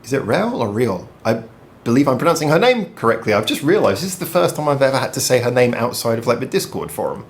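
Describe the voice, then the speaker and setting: A man talking through a song review in a relaxed, chatty way. He sounds keen about the music and pauses now and then to correct or rephrase himself. His voice sits at an ordinary middle pitch for a man. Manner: chatty, self-correcting, enthusiastic.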